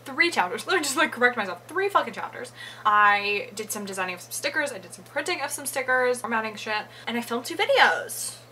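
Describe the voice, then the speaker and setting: Chatty young woman vlogging at home, bright tense voice, swears a lot, faint hiss behind. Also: on the high side, expressive, brisk, hardly any pauses, poor audio. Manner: chatty, swears freely, laughs often. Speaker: book vlogger. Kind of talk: casual reading vlog chat.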